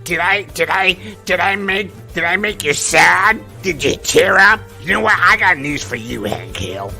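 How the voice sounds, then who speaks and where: A man doing an impression of an older male movie star, delivering a combative, insulting rant in a gravelly voice as a comedy bit. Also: high-pitched, animated, measured pace, pushed and bright, soft background music, voice pushed up, heavily acted. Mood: angry ranting.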